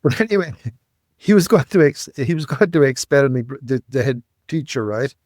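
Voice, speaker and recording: A man, telling life stories as a podcast guest, animated and repeating words, often tagging lines with "right?". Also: medium pitch, moderate pace, dry recording, clean studio sound. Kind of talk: storytelling interview.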